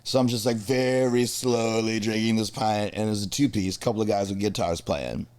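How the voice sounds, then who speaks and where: An American musician telling crude, comic stories from his travels in a relaxed podcast chat. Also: fairly low pitch, normal speed. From United States. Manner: animated, crude, comic storytelling. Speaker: musician guest. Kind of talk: storytelling in a casual podcast chat.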